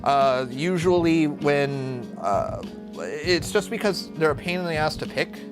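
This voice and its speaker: A man's voice: a little high, animated, a little slow. A young man from Arizona chatting casually while cooking on a live stream, brash and profane, jumping from topic to topic. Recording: music playing under the voice. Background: guitar music.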